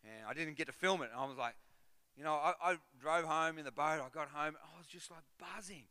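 A man preaching a sermon, telling a personal story and building to loud, repeated calls. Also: on the high side, fairly quick, smooth. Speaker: pastor. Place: large church hall. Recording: long hall reverb.

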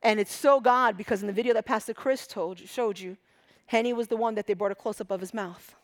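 A woman from Egypt preaching a sermon with passion, dropping to hushed whispers and rising to loud emphatic peaks. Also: medium pitch, fast.

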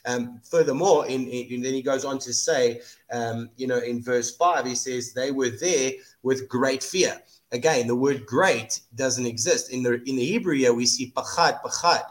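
A man's voice: medium pitch, moderate pace. A man hosting a podcast, talking through scripture in an earnest, casual way and often repeating words while he thinks. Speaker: podcast host. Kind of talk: casual Bible discussion.

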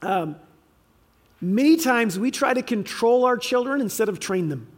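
A man's voice: very high voice, expressive, moderate pace. A man preaching a sermon, with emphatic swings in volume and frequent restarts. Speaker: pastor.

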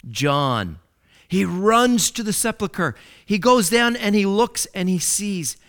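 A man preaching a sermon, with dramatic swings from loud declarations to hushed words and key phrases repeated for emphasis. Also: high-pitched, lively intonation, unhurried.

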